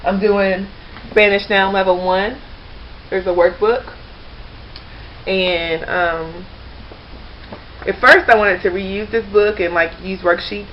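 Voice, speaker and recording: In a fairly low-pitched voice, a woman who vlogs about language learning chats to camera, wandering off track with plenty of fillers and restarts. The webcam audio is lo-fi and a bit dull, with slight noise behind her.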